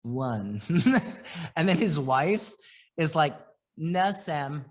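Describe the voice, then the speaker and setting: A man giving a blunt, profane motivational training talk as an online marketing coach, talking in restless bursts with quick restarts. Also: on the high side.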